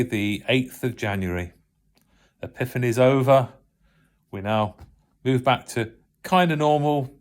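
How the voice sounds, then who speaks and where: A man giving an informal home sermon, chatting before telling a story. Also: mid-range voice. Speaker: preacher.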